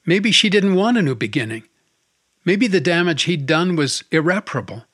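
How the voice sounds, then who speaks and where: A man narrating an audiobook in a calm, steady storytelling manner. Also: a little high, normal speed, slightly rough, no room sound, studio quality.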